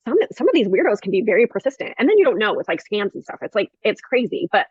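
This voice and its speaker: Woman real estate agent chatting quick, laughs easy, kinda muffled dry audio. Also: mid-range voice, big pitch swings, darkish tone, slightly rough, no echo. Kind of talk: casual chat.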